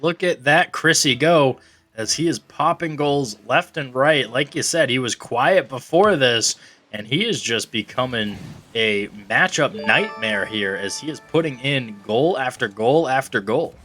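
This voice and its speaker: A man's voice: mid-range voice, animated, a little slow, sharp tone, soft background music. A man calling an esports match play-by-play, joking with his co-caster. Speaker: esports commentator. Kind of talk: play-by-play commentary.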